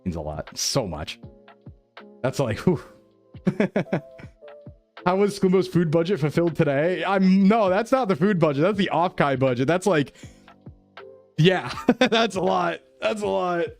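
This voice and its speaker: A man chatting casually on a live stream, excitable and gushing with thanks, often breaking into laughter. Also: sits high, normal speed, vocal fry, faint music behind.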